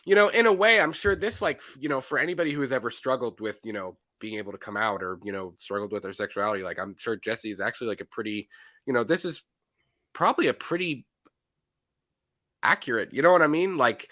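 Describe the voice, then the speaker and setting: A man co-hosting a casual movie podcast, talking in an animated way, often acting out lines from scenes and laughing. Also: mid-range voice, quick pace, no room sound. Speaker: podcast co-host.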